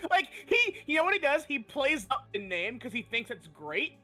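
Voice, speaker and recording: A woman's voice: sits high, normal speed, faint music behind. A woman joining a game stream, chatting casually and riffing on silly jokes. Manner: animated, jokey, riffs on silly ideas. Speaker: co-op guest on a stream.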